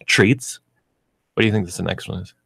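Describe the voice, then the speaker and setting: A man's voice: fairly low pitch, fairly even intonation, fairly quick, gravelly, a bit bright, husky, no room sound. A man hosting a pet store radio show, explaining pet training in a chatty way with lots of fillers, in a radio studio. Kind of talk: radio pet advice talk.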